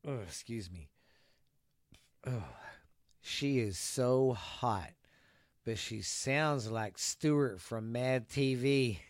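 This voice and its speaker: Slow, profane man hosting a podcast. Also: mid-range voice, no room sound, clean studio sound. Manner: loose, profane, rambling delivery; puts on a tough-guy ad voice. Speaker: podcast host. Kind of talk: casual solo podcast chat.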